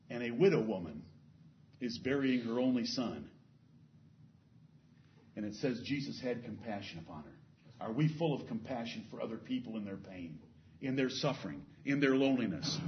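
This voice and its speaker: A man's voice: mid-range voice, recorded from a distance, slight background noise. A man preaching a sermon, earnestly retelling Bible stories and reading scripture aloud. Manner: earnest preaching, reads scripture in King James wording. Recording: dull lo-fi sermon recording.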